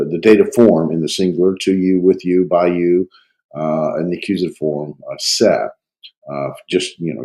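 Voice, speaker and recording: A man with a cold teaching a Greek grammar review, talking haltingly with many fillers and thinking aloud. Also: sits low, mellow, rough recording. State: has a cold. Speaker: Greek instructor.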